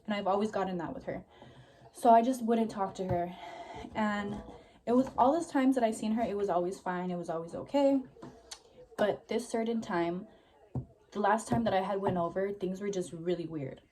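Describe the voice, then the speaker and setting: A woman's voice: mid-range voice, moderate pace, mellow, a little hiss or hum. A young woman vlogger telling a story in a rambling, casual way, full of "like" and swearing, a little out of breath. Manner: rambling, heavy use of "like", swears freely.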